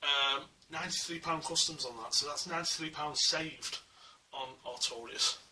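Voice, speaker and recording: A keen collector talks through his latest statue at home, rambling and full of fillers as he gushes. His voice is sharp and very bright. The small camera mic sits a little away from him, and a faint hiss runs underneath. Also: a little high, moderate pace, distant mic, low-quality recording. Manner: enthusiastic and gushing, rambling with many fillers. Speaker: statue collector reviewing a figure. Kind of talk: casual video review.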